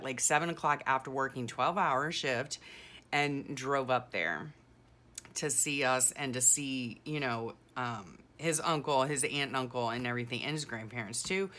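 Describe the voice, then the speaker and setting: A woman's voice: very deep voice, moderate pace, a bit bright. A middle-aged woman chatting casually and rambling through a story, full of "you know" and "like", as a journaling vlogger.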